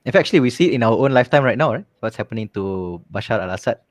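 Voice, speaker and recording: A man co-hosting a faith podcast talks quickly and with animation, often asking "right?" as he goes. His voice sits in a middle range, recorded dry and close with no room sound. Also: medium pitch, animated, no echo. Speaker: podcast co-host. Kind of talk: casual religious discussion.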